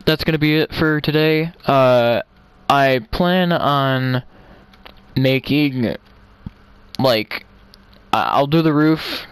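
A man narrates his gameplay in a loose, unhurried ramble, chuckling now and then as he talks to himself and his viewers. His voice is smooth and clear. The sound is close and dry, with no room around it. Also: medium pitch, a bit bright, no room sound. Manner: chuckles often. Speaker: gaming channel host. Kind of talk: casual gameplay commentary.

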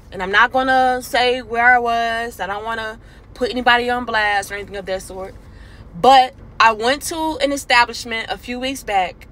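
Bright-voiced woman telling a story. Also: a little high. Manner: animated, acts out other people's voices in quotes. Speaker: commentary host. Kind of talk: casual storytelling to camera.

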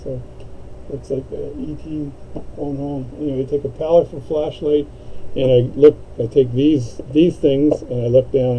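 A man's voice: mid-range voice, creaky, dark tone, slight background noise, low-quality recording. A man showing his watchmaking tools in a home workshop, chatting in a rambling, jokey way with many fillers. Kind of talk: casual show-and-tell.

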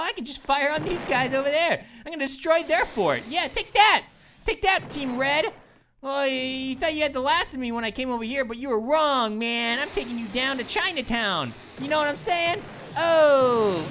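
A woman voicing an excitable, goofy cartoon grape who gives let's-play commentary as a gaming channel host. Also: on the high side, a little hiss or hum. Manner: excitable, exclaims and laughs, cartoonish.

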